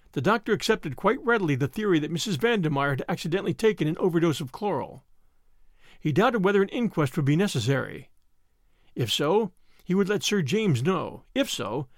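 Guy reading an audiobook, lively up-and-down voice, dry close mic. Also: fairly high pitch, no room sound. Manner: expressive, clear storytelling. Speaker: audiobook narrator. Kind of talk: scripted audiobook narration.

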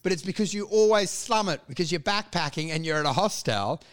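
High, bright-voiced man. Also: brisk, smooth. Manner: animated, crude, slips into mocking quoted voices. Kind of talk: casual comedic chat.

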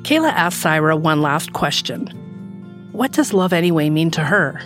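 A woman host giving scripted narration in a measured way. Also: deep voice, animated, a bit bright, faint music behind.

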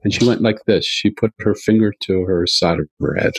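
Guy with a low husky voice, earnest storyteller, dry close sound. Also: brisk, no room sound. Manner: earnest, repetitive emphatic phrasing. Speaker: guest. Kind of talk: storytelling in interview.

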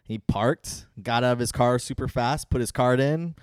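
A man's voice: mid-range voice, moderate pace, clean tone, no room sound, studio quality. Laid-back man, laughing. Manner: laid-back, laughs a lot, says yeah often. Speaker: podcast co-host. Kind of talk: casual banter.

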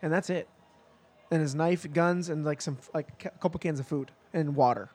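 Chatty storytelling man, slightly high voice. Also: steady tone, normal speed, darkish tone, breathy edge. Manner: rambling, many "like" fillers, acts out quotes. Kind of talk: casual chat, storytelling.

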